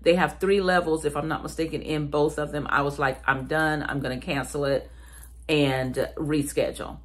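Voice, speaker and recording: A woman's voice: sits low, fairly even intonation, normal speed. A woman from South Carolina with a Southern US accent, chatting casually to her viewers and calling them "y'all.". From South Carolina, USA. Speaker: vlogger.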